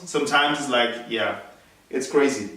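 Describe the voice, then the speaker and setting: A man's voice: mid-range voice, normal speed, bright, forceful tone. A man from Nigeria, co-hosting a casual chat, explaining at length and laughing often. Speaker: co-host. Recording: echoey room, voice a bit far from the mic.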